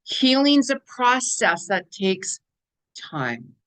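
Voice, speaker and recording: A woman's voice: mid-range voice, big pitch swings, drawn-out words, a bit bright. A woman hosting a spiritual guidance channel, talking casually through a weekly forecast in a chatty, rambling way and repeating words for emphasis.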